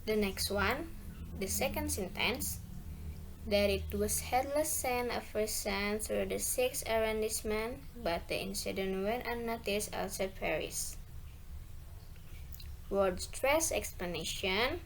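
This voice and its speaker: A woman's voice: medium pitch, slow, slight background noise, poor audio. A young woman from Indonesia, a university student, giving a recorded class presentation on pronunciation and reading words out one by one. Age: young adult.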